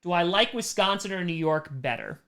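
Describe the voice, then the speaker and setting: Bright-voiced joking man answering fan questions. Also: high voice, expressive. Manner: reads fan questions aloud and answers with quick jokes; loose and self-mocking, with trailing laughs. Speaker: comedian hosting a fan Q&A stream. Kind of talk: casual livestream Q&A.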